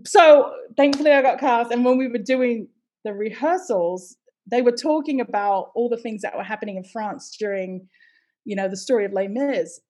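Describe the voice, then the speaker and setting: A middle-aged woman from the United States, a stage performer chatting as an interview guest, telling lively stories with laughter and the odd swear word. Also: fairly high pitch, normal speed. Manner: animated storyteller, swears, laughs often. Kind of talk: casual interview chat.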